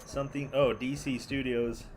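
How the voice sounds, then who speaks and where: A man's voice: mid-range voice, level tone, moderate pace, noisy background. A man live-streaming a game while ranting casually, swearing freely and tacking "dude" or "bro" onto nearly every phrase in a mocking, scornful tone. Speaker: gaming streamer.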